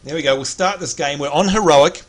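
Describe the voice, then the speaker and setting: Chatty Australian man, higher voice. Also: fairly quick. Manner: upbeat, chatty, reads out viewer names. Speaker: stream host. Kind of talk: casual live-stream chat and game commentary.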